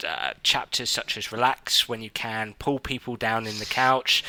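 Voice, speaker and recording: Man, podcast host, casual interview chat, animated, bright voice, dry close sound. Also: lowish voice, normal speed, hardly any pauses, no room sound. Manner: animated, many restarts and fillers.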